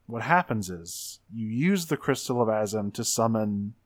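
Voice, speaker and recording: Male podcast co-host with a low pitch and a dry, close sound; casual recapping that slips into quoted character lines. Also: expressive, moderate pace, dry recording. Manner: retells a story step by step, acting out character lines. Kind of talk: casual game discussion.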